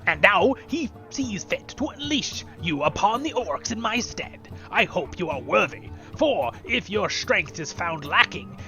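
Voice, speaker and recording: A man's voice: sits high, sharp tone, voice pushed up, exaggerated voice. A man voicing a grieving, vengeful male warrior from a game, grave and bitter.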